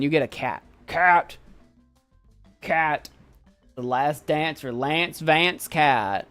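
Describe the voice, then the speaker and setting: A man hosting a live stream, chatting casually in an animated, jokey and rambling way. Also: a little high, slow pace, faint music behind. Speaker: streamer host.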